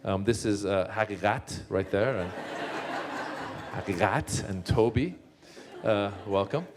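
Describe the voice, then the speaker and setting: Male comedian-author, animated storyteller, live comic talk. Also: fairly low pitch, unhurried, background noise. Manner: animated storyteller, many restarts.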